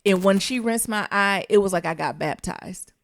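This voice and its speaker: A woman co-hosting a podcast, telling a funny story in casual, animated chat. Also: medium pitch, moderate pace, dry recording, studio quality. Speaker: podcast co-host.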